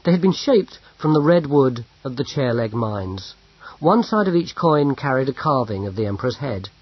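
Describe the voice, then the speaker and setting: A man narrating an audiobook in a measured storytelling manner. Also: medium pitch, sing-song, breathy edge. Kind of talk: scripted narration. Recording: dull lo-fi audio.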